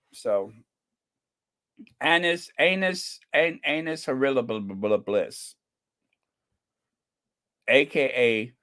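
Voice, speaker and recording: An American channel host delivers casual commentary in a sarcastic, mocking tone. The talk rambles at an unhurried pace, with a pitch that sits in the middle range. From United States.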